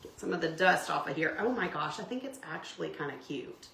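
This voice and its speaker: Bright, chatty woman host. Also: deep voice, animated, a little fast, gravelly, a little hiss or hum. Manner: chatty, laughs often, says y'all. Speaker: craft show host. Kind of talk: casual live craft chat. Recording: echoey room.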